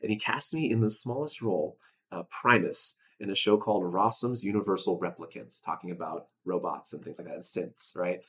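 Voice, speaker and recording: A young man talks casually as a guest in an interview. His voice sits very low, and he speaks loosely, full of dude and man, with bursts of excitement. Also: fairly quick. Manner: animated, laid-back, says dude and man a lot. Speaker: voice actor guest.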